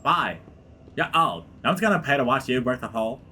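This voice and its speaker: A man voicing a sarcastic grown daughter who is easily grossed out, in a shrill, scornful falsetto. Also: very animated, brisk, bright, forceful tone, slight background noise.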